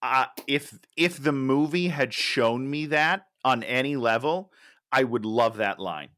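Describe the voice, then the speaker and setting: A man's voice: medium pitch, unhurried, fairly bright tone, clear, resonant tone. A man co-hosting a casual movie podcast, sarcastically tearing into a film's writing. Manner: sarcastic, exasperated critic. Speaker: podcast co-host. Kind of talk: casual film chat.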